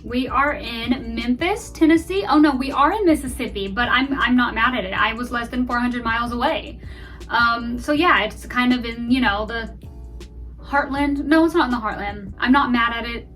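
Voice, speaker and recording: A woman's voice: on the high side, a bit bright, far from the mic. A woman vlogger giving casual, rambling commentary as she plays a guessing game, thinking aloud and joking at her own expense.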